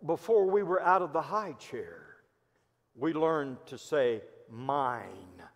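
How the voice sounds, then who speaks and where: A Midwestern American pastor with a high, lively voice delivers a sermon at a slow, deliberate pace, moving from loud emphasis to hushed asides. His words ring out in a church sanctuary with a long reverb trailing each phrase. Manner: storytelling preacher, swinging between loud emphasis and hushed asides.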